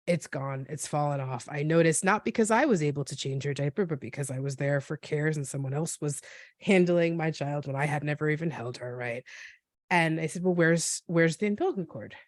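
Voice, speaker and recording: A woman in her forties telling her story as a podcast guest, earnest and reflective, often halting and restarting. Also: low-pitched, dry recording, clean studio sound. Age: 40s. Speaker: guest, NICU parent. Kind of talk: personal storytelling in a podcast interview.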